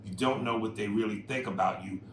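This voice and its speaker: A man with a fairly low voice co-hosts a casual podcast, reading emails aloud and riffing with profane, animated energy. He swings up loud and high when he drives a point home. The room has a noticeable echo, and a faint hiss sits under the voice. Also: a little fast. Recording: roomy echo with faint noise.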